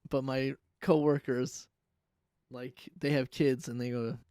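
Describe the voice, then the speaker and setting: A man's voice: medium pitch, level tone, slow, warm tone, clear, resonant tone, dry recording, clean studio sound. A man co-hosting a casual gaming podcast, joking and trailing off into mumbles. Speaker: podcast co-host.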